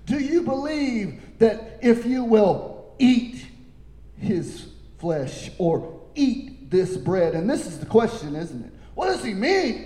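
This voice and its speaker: A man preaching a sermon as pastor, swinging from shouted lines down to low, quiet ones. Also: big pitch swings, slow pace. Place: church sanctuary. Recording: echoey hall with long reverb.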